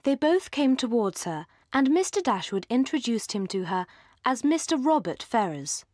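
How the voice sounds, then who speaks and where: A woman narrating an audiobook of a classic novel in a measured, articulate reading. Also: a little high, very animated, a little mellow, no echo, studio quality. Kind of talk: scripted narration.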